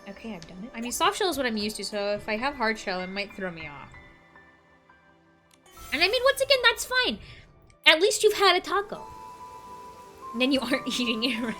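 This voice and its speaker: A woman's voice: on the high side, sing-song, a little fast, pauses often, sharp tone, faint music behind. A woman streaming a game, chatting casually and playfully, teasing her viewers. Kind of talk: casual chat while gaming on stream. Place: at a home computer desk.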